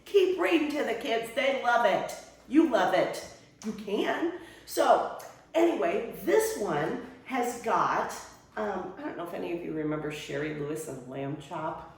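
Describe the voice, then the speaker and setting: A woman's voice: mid-range voice, unhurried. An older woman, a retired children's librarian, demonstrating how to read aloud to kids in a workshop, with playful exclamations. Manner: animated storytime voice, big swoops and playful exclamations. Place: workshop room. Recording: echoey room, voice from far off.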